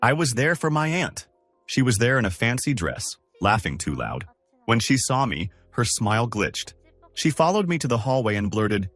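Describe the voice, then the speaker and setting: A man's voice: fairly low pitch, normal speed, no echo, soft background music. A man narrating first-person relationship stories in a scripted reading style. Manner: steady storytelling, lines read one after another.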